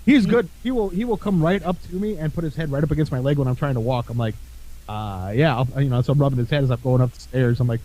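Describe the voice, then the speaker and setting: Podcast co-host, male, mellow tone, raunchy laughing storyteller. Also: on the high side, rapid-fire, hardly any pauses, low-quality recording. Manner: profane, laughing storyteller who acts out his dog. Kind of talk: casual chat.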